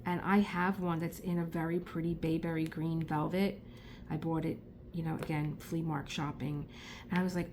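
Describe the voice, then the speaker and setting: South philly lady rambling on while she crafts, kinda low voice, laughs a lot. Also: level tone, moderate pace, background noise. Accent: South Philadelphia. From Philadelphia, USA. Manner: rambling, chatty, laughs often. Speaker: crafting vlogger. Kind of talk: casual chat while crafting.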